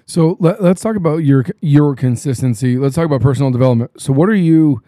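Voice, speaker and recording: A man hosting a podcast, asking questions in casual interview chat with animated asides. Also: on the high side, fast, dry recording. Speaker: podcast host.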